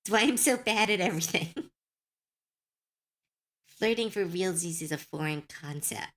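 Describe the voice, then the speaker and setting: A woman's voice: lowish voice, lively intonation, moderate pace, fairly bright tone. A young adult woman streamer chatting casually on a live stream, chatty and self-deprecating, laughing often.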